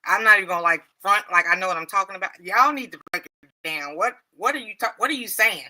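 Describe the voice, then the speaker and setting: A woman's voice: mid-range voice, quick pace, bright, forceful tone, low-quality recording. A woman hosting a livestream in casual chat, frank and laughing often. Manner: laughs a lot, frank and joking. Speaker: livestream host.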